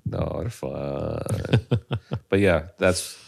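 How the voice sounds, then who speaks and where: A man in his thirties co-hosting a podcast, telling stories in an animated way and laughing often. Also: extremely low pitch, very slow, creaky. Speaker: podcast co-host. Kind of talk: casual chat.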